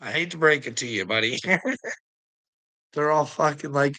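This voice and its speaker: A man's voice: fairly high pitch, lively intonation, measured pace, sharp tone, rough recording. A man delivering a profane, rambling rant, swearing constantly and breaking into laughter between phrases. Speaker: online commentator.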